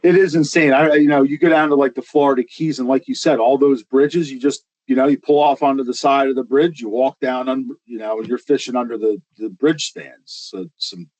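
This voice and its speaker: A man speaking as a podcast guest in casual chat, measured and careful with his words. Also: mid-range voice, fairly even intonation, a little mellow, no room sound, poor audio. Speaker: guest, artificial reef program worker.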